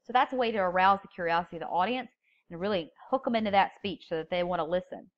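On the low side and quick, a woman's voice comes through lo-fi in a recorded public speaking lecture. She explains step by step, and when she reads example openings she stresses the key words.

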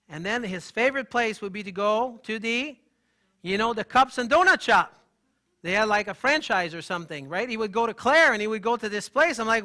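Before a live audience, a male holistic health practitioner talks with energy and emphasis, swapping quips with the crowd. His voice is high-pitched.

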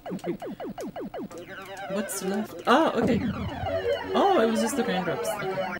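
A woman hosting a retro gaming video, reacting loudly to the game with laughs, gasps and exclamations. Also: mid-range voice, very animated, unhurried, a loud crowd. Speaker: gaming channel host. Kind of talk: excited let's-play commentary. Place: home, playing retro computer game. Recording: game music loud behind.

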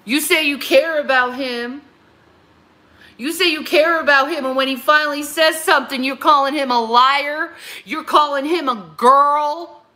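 A woman in her thirties rants on a livestream, talking back to her critics in a heated, confrontational way. Her voice sits a little high and comes out bright and forceful. She hammers her points by repeating the same phrases. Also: unhurried. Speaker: livestream host. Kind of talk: angry livestream rant answering critics.

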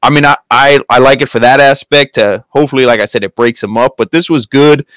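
A man's voice: medium pitch, a little fast, fairly bright tone, no room sound. A man co-hosting a wrestling review show in opinionated, chatty casual conversation. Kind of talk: casual chat.

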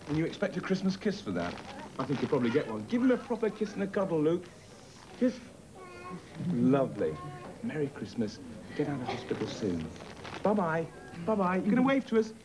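A man with a high, bouncy voice that rises and falls widely as he coaxes children to join in. His tone is playful and cheerful, like a children's TV presenter, and the recording has plenty of background noise. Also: very animated, fairly quick, long pauses. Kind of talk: lively talk to children. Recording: noisy TV recording.

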